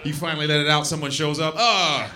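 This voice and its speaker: A man doing a stand-up comedy set on stage, acting out both sides of scenes and dropping to a hushed voice for asides. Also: completely flat delivery, racing, very noisy. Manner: drops to a low hushed voice for asides. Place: comedy club stage with laughing audience. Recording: live club, loud crowd laughter.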